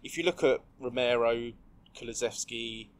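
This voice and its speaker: A man's voice: mid-range voice, moderate pace. A man co-hosting a casual football podcast, rambling and hesitant with frequent ums. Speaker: podcast co-host.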